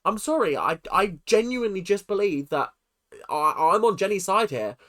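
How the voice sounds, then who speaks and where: Emphatic vlogger, exasperated rant with a swooping, expressive pitch and many rhetorical questions. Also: moderate pace. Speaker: reality TV recap vlogger. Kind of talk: ranting commentary to camera.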